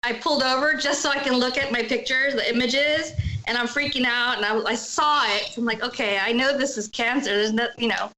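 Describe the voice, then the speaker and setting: Middle-aged woman, kinda high bright voice, telling her own story all emotional, acts out the quotes. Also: brisk, poor audio. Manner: candid, emotional retelling, acting out quoted speech. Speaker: guest sharing her story. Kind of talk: personal storytelling.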